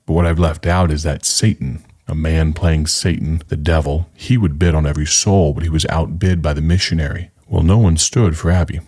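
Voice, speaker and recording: A man in his thirties or forties with a very low, deep voice, hosting a radio ministry program. He talks in an earnest, conversational way as an evangelist, setting up a story before a sermon. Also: fairly even intonation, moderate pace, hardly any pauses, darkish tone, breathy edge. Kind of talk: radio ministry broadcast introduction.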